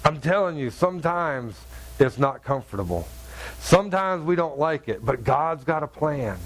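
A middle-aged preacher tells a story in his sermon with a somewhat high voice. He talks in an animated way and acts out each voice in it. His delivery is loose, with the restarts of live speech. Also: normal speed.

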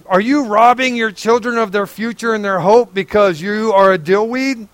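A man's voice: sits high, moderate pace, hardly any pauses, a bit bright, no echo. A middle-aged man preaching a sermon, fervent and folksy, pleading with his listeners. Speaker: pastor.

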